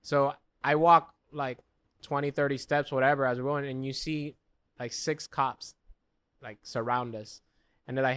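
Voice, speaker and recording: A man's voice: mid-range voice, steady tone, a little slow, fairly bright tone, clear, resonant tone, dry recording. A young American man co-hosting a comedy podcast, telling a rambling, profane anecdote in casual chat. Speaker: podcast co-host.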